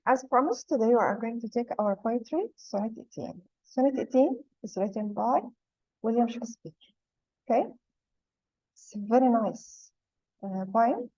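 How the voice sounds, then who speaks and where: A woman's voice: on the high side, expressive, moderate pace, mellow, dry recording. A woman teaching a poetry lesson, patiently explaining terms and repeating key points. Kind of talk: classroom lesson. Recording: dull lo-fi sound.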